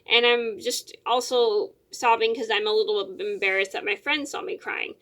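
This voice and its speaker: A woman's voice: a little high, fairly even intonation, normal speed, a bit bright. A young adult woman vlogger telling a personal story in a casual, rambling way, with lots of fillers and repeated words.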